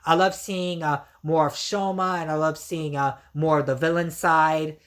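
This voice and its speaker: Woman reviewer, low-pitched, casual rambling recap full of "you know". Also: steady tone, normal speed. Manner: rambling, many fillers and restarts.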